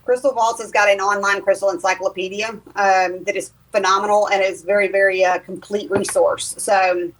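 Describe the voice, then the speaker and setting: A woman with a Southern American accent talks as a guest medium in a podcast interview. Her voice sits at a middle pitch, and she speaks in a relaxed, folksy way, stopping often on ums. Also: moderate pace, few pauses, slight background noise, poor audio. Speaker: clairvoyant medium and teacher. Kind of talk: casual interview chat.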